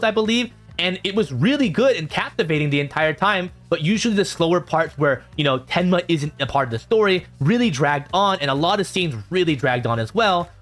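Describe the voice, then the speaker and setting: A man reacting to viewer comments in a casual vlog, reading them out and answering with animated exasperation. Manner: animated, jumps in pitch when exasperated.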